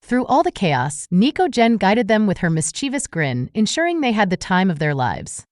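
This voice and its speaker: A woman's voice: mid-range voice, sing-song, moderate pace, no echo, clean studio sound. A woman reading a silly children's storybook aloud with a playful manner. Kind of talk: storybook narration.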